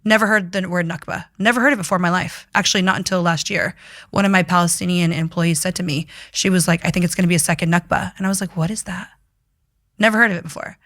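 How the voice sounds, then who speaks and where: A woman talking as a guest in a casual interview, animated and emphatic as she tells her story. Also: on the low side, quick pace, no echo, clean studio sound. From United States.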